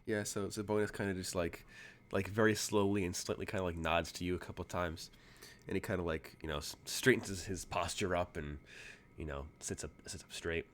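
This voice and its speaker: A man's voice: deep voice, fairly even intonation, fairly quick, a bit bright, slight background noise. A man narrating as game master in a tabletop game, casual and full of fillers.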